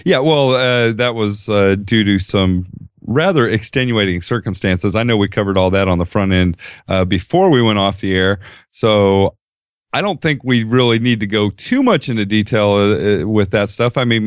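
A man's voice: fairly low pitch, normal speed, smooth, no echo, studio quality. A man co-hosting a podcast who talks in an easygoing, hesitant way with many fillers. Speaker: podcast co-host. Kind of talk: casual chat.

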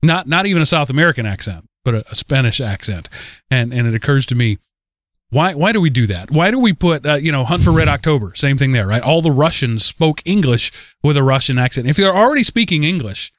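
A man's voice: mid-range voice, expressive, fairly quick, no room sound. Rambling man, dry close sound. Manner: rambling, with many restarts and stammered repeats. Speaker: podcast co-host. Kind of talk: casual chat.

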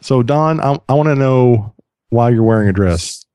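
A man's voice: medium pitch, normal speed, warm tone, clear, resonant tone, no room sound, studio quality. A man hosting a casual podcast, chatty and self-mocking, restarting sentences often. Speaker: podcast host.

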